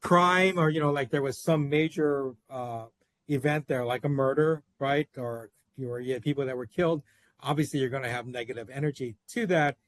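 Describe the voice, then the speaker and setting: Animated male storyteller, dry sound. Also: mid-range voice, normal speed, no echo. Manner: animated, acts out dialogue, emphatic. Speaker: guest, founder of a learning center. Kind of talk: casual interview storytelling.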